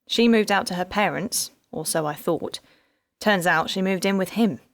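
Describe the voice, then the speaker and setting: A woman's voice: medium pitch, normal speed, no echo, close to an everyday voice. A woman voicing a rueful detective. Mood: bitter. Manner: wry, rueful storytelling. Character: bitter heartbroken woman police detective.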